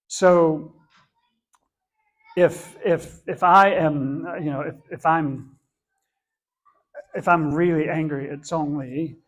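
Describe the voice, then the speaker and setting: A man with a fairly high voice teaches an adult class at church. He talks in an earnest, conversational way. He often restarts and rephrases to get his point across. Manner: earnest, repeats and rephrases as he explains.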